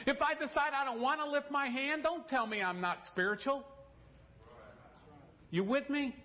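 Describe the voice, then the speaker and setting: A man's voice: extremely high pitch, moderate pace, sharp tone, some chatter behind, a little hiss or hum. A man preaching a sermon in a church, telling stories with direct appeals to the congregation and humorous asides. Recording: dull lo-fi recording.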